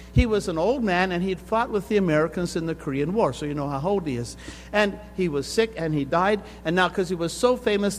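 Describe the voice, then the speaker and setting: An older man preaching a sermon at a conference, telling a story that builds to intense emphasis. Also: sits high. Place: conference hall. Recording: reverberant hall with faint hum.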